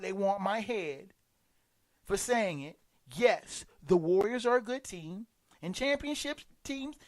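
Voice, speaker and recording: A man delivering a sarcastic, emphatic sports commentary monologue, stumbling and restarting often. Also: sits high.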